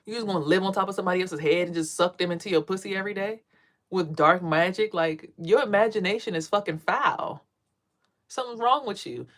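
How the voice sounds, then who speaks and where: Woman, vlog storytelling, animated and profane, high-pitched quotes. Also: brisk. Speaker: vlogger and tarot reader.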